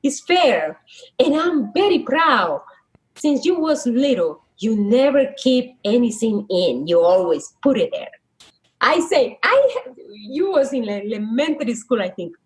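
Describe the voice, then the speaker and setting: A middle-aged woman from the Dominican Republic with a Dominican Spanish accent, whose first language is Spanish, telling stories as a podcast guest and often pausing to search for words. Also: fairly high pitch, poor audio. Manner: animated, searching for words, laughs easily. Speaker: guest, social worker. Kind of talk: casual conversational storytelling.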